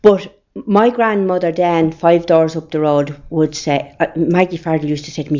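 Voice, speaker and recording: A woman's voice: lowish voice, steady tone, moderate pace, warm tone. An older woman with an Irish accent, telling rambling family stories in an interview. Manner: rambling, anecdotal storytelling. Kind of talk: oral history reminiscence. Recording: dull lo-fi recording.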